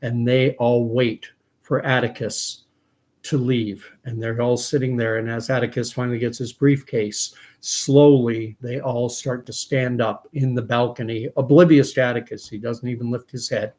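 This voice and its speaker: A man's voice: medium pitch, steady tone, normal speed, darkish tone. A man from Canada, host of his own commentary show, retelling a film scene in a reflective way.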